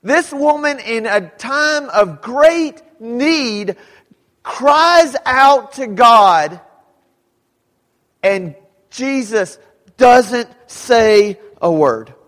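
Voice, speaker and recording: A pastor preaches to his congregation in a very high, slow voice, lingering over each phrase. He turns dramatic, climbing to shouts as he acts out the people in the story. His words ring through a church hall with a long reverb tail. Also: lively intonation. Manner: dramatic, rising to shouts when quoting. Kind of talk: sermon.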